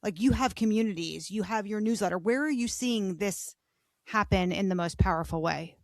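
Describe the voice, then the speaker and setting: A woman's voice: mid-range voice, normal speed, no echo. A woman interviewing a guest, asking questions and giving brief, attentive affirmations. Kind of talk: conversational interview.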